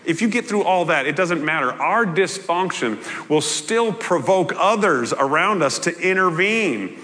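A male pastor preaching a sermon in a conversational, animated way with playful asides. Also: high voice, measured pace. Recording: echoey hall with long reverb.

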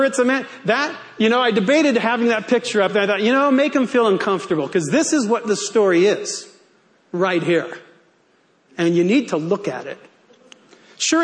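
A male pastor preaching a sermon in a playful way, stretching key words out for emphasis. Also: sits high.

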